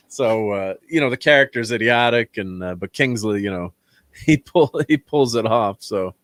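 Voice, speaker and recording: A man's voice: lowish voice, moderate pace, a bit bright, no echo. Rambling man reviewing a film, dry sound. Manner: rambling, many fillers and restarts, laughs often. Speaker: channel host, film reviewer. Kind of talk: casual film review chat.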